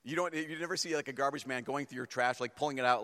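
Joking priest preaching in an echoing hall. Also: male voice, fairly high pitch, brisk, few pauses. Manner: humorous, animated, acts out stories. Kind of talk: sermon to a youth gathering. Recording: long reverb in a large hall.

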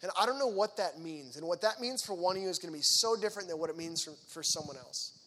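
High, bright-voiced animated youth speaker man. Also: quick pace. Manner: animated, acts out voices in quoted dialogue; chatty and conversational, with frequent fillers. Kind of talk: energetic faith talk to teenagers.

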